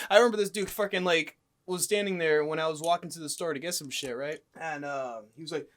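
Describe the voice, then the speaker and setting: A young man casually telling stories about his fast food job, swearing a lot and acting out the people in loud, high voices. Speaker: guest telling work stories. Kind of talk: casual storytelling chat.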